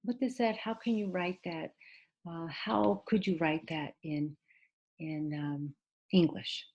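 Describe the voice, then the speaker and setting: Woman teacher doing a video english lesson, low voice, slow and patient, lots of uhs. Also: darkish tone, highs cut off. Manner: patient step-by-step explaining, spells out letters; hesitant, with frequent "uh" and restarts. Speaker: ESL teacher. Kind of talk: recorded video lesson over slides.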